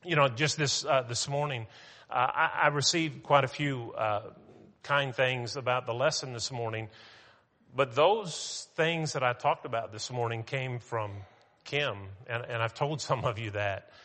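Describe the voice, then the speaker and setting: A man preaching a sermon as pastor, talking in a conversational way with restarts, and slowing down for emphasis. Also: mid-range voice, bright, forceful tone, in a large hall.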